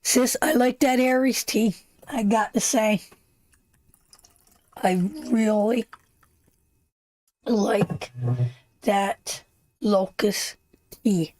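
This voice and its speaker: A woman's voice: a little high, steady tone, drawn-out words, pauses often, darkish tone, no echo. A woman hosting a live tarot reading, who talks affectionately to viewers, calls them sweetheart and my darling, and repeats her points emphatically. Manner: emphatic, repeats phrases over and over.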